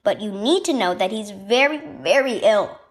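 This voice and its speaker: A woman voicing a caring mother in a children's story, talking quickly and seriously. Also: mid-range voice, animated, natural voice.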